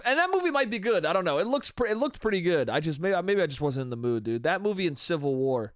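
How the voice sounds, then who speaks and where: A man's voice: a little high, big pitch swings, fast, hardly any pauses, clear, resonant tone, no room sound, clean studio sound. A man hosting a solo comedy podcast, rambling casually and swearing, with "dude" and "bro" at the end of his sentences. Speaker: podcast host.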